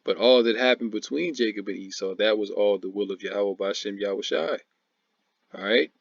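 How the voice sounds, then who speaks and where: A man's voice: fairly low pitch, normal speed, creaky, no room sound, lo-fi sound. A man giving informal preaching commentary, mocking and laughing often, repeating "man" and "all right" as he reads and explains scripture. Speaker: religious commentator.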